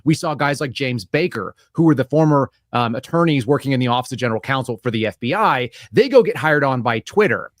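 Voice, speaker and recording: A man's voice: medium pitch, lively intonation, dry recording, studio quality. A man who is a former FBI agent, a guest on an interview show, telling stories and explaining in a chatty way. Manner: fast, chatty, tells anecdotes with voiced quotes. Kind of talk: interview storytelling.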